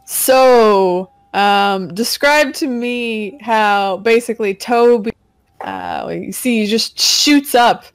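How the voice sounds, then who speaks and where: A woman's voice: fairly high pitch, smooth, no echo. Woman narrating as game master. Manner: casual, halting narration.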